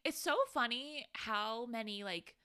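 Bright, enthusiastic woman podcast co-host. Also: a little high, unhurried, clear, resonant tone, no room sound, clean studio sound. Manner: enthusiastic, laughs often, calls listeners babes. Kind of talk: casual film chat.

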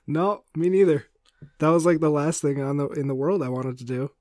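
A young male podcast co-host chatting casually with a slightly high voice. He hesitates, hedges with fillers and wry asides, recorded close and dry with no room sound. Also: a little fast, a little mellow, no echo. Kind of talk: casual chat.

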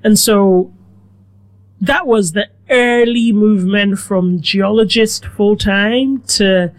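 A middle-aged woman from Nigeria, a guest telling her life story in a relaxed, reflective way. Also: mid-range voice, slow pace. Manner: reflective, animated with quoted asides. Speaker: guest, food blogger. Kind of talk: conversational storytelling.

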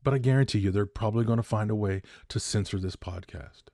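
A man's voice: on the low side, quick pace, mellow, dry recording, studio quality. A man in his fifties hosting a podcast, delivering a heated opinion monologue that repeats points for emphasis. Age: 50s. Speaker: podcast host.

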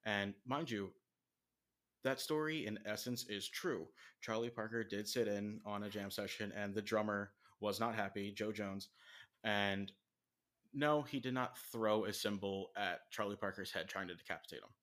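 A man guesting on a podcast, speaking in a measured, hesitant way in casual conversation. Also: on the low side, fairly bright tone. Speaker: guest, former drumline member.

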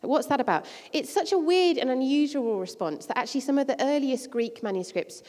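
A woman's voice: sits high, lively intonation, brisk, darkish tone. Woman preaching in a reverberant hall. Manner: conversational, with casual asides and fillers. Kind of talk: sermon with Bible reading. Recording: long reverb of a large hall.

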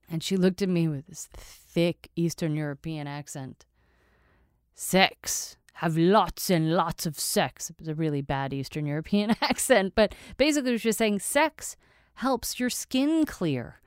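A woman's voice: fairly low pitch, darkish tone, clean tone, no echo, studio quality. A middle-aged woman hosting a casual solo monologue, candid and playful, with chatty asides.

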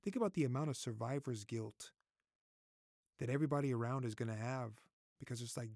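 A man in his thirties talks straight to his viewers in a casual vlog, repeating himself, swearing freely and choking up. His voice has a gravelly edge and a middling pitch. The sound is close and dry. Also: fairly quick, a little mellow, no room sound. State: close to tears. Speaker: vlogger. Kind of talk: casual opinion talk to camera.

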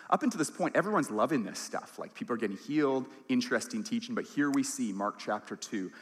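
Male pastor preaching, earnest and emphatic, mid-pitched voice, long hall echo. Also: a bit bright. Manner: earnest, emphatic preaching with quoted lines acted out. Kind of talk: sermon.

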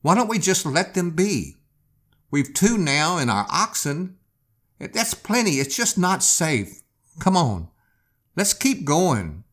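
A man's voice: very animated, takes it slowly, a bit bright, full character voice. A man voicing a frightened young pioneer wife, pleading and anxious in a raised voice. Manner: anxious, pleading, raised falsetto-ish pitch.

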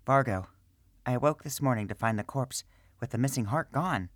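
In a storybook, a man voices a caring older priestess reading her letter aloud, sounding earnest and cautioning. He uses a medium pitch set above his own natural voice, lightly acted, at normal speed. The studio-quality recording has no echo.

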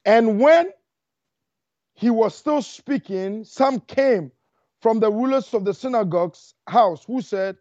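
A man preaching a fervent sermon, talking fast and repeating lines for emphasis. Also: high-pitched, darkish tone, no room sound. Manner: fast, rushing delivery. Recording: dull lo-fi dry recording.

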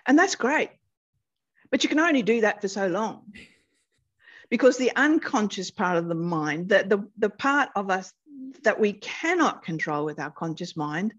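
A woman guest therapist explains with lively, expressive energy, reaching for vivid everyday analogies. Her pitch sits in the middle range. The audio is a little dull and lo-fi. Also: moderate pace. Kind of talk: animated explanatory interview talk.

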